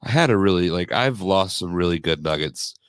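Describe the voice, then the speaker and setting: A man's voice: sits low, animated, a little fast, smooth, no echo. A young man hosting a podcast, chatting casually in a rambling, joking way. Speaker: podcast host. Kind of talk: casual chat.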